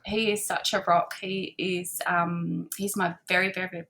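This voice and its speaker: A woman's voice: lowish voice, level tone, measured pace, a little hiss or hum. A middle-aged woman chatting as a guest in an interview, talking about her shop with plenty of fillers. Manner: warm, chatty, frequent fillers and laughs. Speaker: guest, boutique owner. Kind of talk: casual conversational interview. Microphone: remote call.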